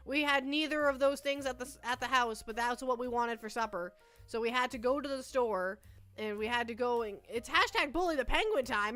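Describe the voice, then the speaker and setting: A woman's voice: on the high side, bright, forceful tone. A young woman streaming, chatting casually and rambling, often stammering and repeating herself, squealing with delight when she thanks her viewers. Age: young adult. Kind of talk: casual livestream chat.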